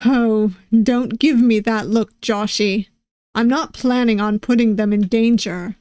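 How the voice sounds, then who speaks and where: A man's voice: high-pitched, steady tone, measured pace, a little mellow, clean tone, no echo, studio quality. A woman voicing a playful young male pirate weapons master who loves pranks, in a fan reading of a game's scenes. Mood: cheerful. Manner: bubbly, teasing.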